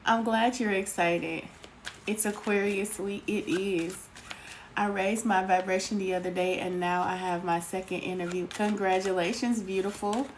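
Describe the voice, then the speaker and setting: A woman's voice: medium pitch, steady tone, unhurried. A woman hosting a casual live tarot stream, greeting viewers by name and calling them sweetheart. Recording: noisy home recording.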